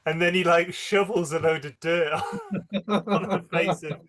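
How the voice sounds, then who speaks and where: A man's voice: high voice, unhurried, fairly bright tone, slight background noise. A man, co-hosting a casual film podcast and laughing as he retells favourite scenes. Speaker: podcast co-host.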